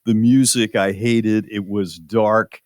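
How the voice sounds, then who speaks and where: A man's voice: on the low side, steady tone, slow pace, clean tone, dry recording, clean studio sound. A middle-aged man hosting a radio talk show, chatting in a friendly, conversational way. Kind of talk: casual radio chat.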